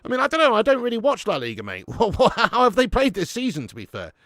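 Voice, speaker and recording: Young bloke, watch-along host; gravelly, bouncy pitch, swears, says "mate" a lot. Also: male voice, huge pitch swings, quick pace, a bit bright, no room sound, studio quality. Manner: chatty and laughing, swears freely, calls viewers mate. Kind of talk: live casual chat reading viewer comments.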